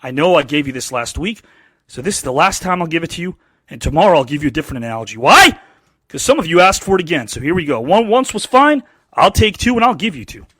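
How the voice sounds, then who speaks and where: A man's voice: a little high, very animated, fast, fairly bright tone, husky, dry recording. A man hosting a live podcast, opening the show in an emphatic, hyped way, firing rhetorical questions. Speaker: podcast host.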